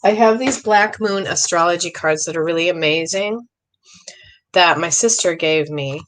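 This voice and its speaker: Chatty bright-voiced woman psychic host. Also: fairly low pitch, moderate pace, slight background noise, poor audio. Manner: chatty, rambling, excitable, frequent throat clearing. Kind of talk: live-stream reading.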